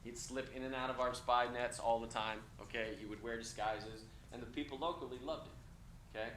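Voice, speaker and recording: A male instructor lectures with a bright, forceful tone and keeps checking in with his students. The classroom rings with echo, and a faint hiss sits underneath. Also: medium pitch, fairly quick. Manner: energetic, conversational, frequent "okay?" check-ins. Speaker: college instructor. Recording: echoey classroom with faint noise.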